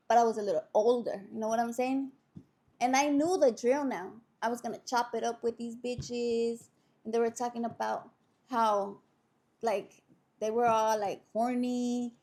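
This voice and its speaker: Foul-mouthed woman, fairly high voice. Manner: profane, blunt and animated, swearing constantly; drops into Spanish words mid-sentence. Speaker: podcast host. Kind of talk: candid personal storytelling.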